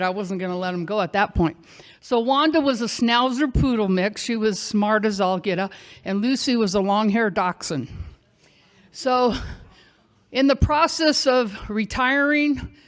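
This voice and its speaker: A woman in her sixties telling a personal story live on a theater stage, in a conversational, folksy way with pauses and self-corrections. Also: fairly high pitch.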